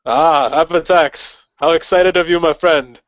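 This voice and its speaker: A man voicing a calm, courteous satyr healer in formal, measured phrases. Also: fairly high pitch, lightly acted. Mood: cordial. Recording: dull lo-fi sound.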